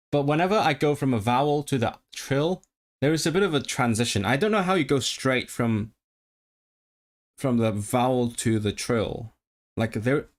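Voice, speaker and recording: A man chatting casually on his own livestream, thinking aloud with many restarts and stopping to practice trilled R sounds. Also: mid-range voice. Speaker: streamer.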